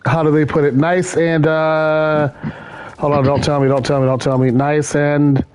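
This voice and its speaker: A man's voice: a little high, flat delivery, normal speed, a little mellow, clean tone. A man hosting a gaming stream, chatting casually and rambling, repeating his words as he goes. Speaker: gaming channel host. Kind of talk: casual chat while gaming.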